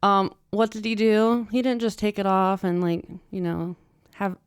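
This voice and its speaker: A woman co-hosting a podcast in casual chat, amused and quick to laugh. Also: mid-range voice, clear, resonant tone, no echo, clean studio sound. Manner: laughs often, light and amused. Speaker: podcast co-host.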